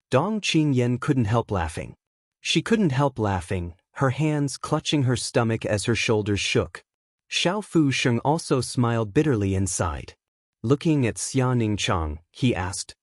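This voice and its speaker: A man narrating a fantasy audiobook in an even, steady reading. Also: medium pitch, unhurried, no echo, studio quality. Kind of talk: scripted narration.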